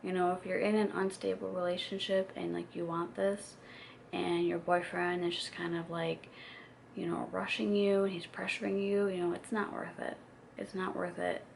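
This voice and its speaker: Candid young woman with a gravelly edge. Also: on the low side, level tone, normal speed, slight background noise. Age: 20s. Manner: candid, chatty, many fillers. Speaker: vlogger. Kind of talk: casual confessional chat to camera.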